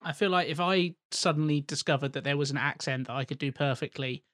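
A man's voice: fairly high pitch, quick pace, fairly bright tone, no echo, clean studio sound. A man, an actor, chatting on a podcast and explaining his views thoughtfully with comparisons. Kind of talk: casual podcast chat.

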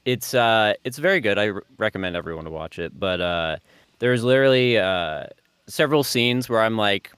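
Low, smooth-voiced man joking on a podcast. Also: normal speed, no echo. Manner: joking, animated storytelling. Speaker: podcast co-host. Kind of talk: casual podcast chat.

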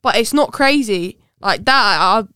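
A woman's voice: mid-range voice, expressive, unhurried, pushed and bright, clean tone, dry recording, studio quality. A woman, a guest on a podcast, giving blunt, opinionated takes in casual chat.

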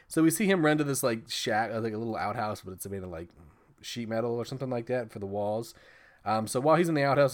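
A man hosting a casual film podcast talks quickly at a mid pitch. He rambles through scene recaps with profanity and bursts of laughter. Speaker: podcast host reviewing films.

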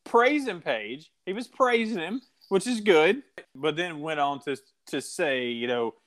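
A man's voice: on the high side, expressive, a little slow, a bit bright. An American man hosting a casual podcast, rambling with restarts and laughing often. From USA. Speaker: podcast host. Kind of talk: casual chat.

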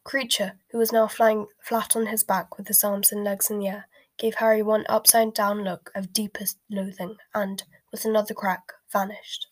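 A woman narrating a storybook in a soft, hushed whispered role-play reading. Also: mid-range voice, level tone, moderate pace, no room sound.

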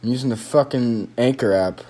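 A man's voice: medium pitch, a little fast, mellow. A young man ranting alone on a podcast, swearing constantly and rambling in frustration, recorded on a phone microphone. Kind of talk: frustrated solo podcast rant.

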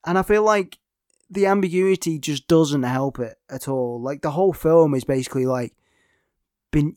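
A man's voice: fairly high pitch, a little mellow, no room sound, clean studio sound. A man giving a casual spoken film review, rambling and hesitant with many fillers and restarts.

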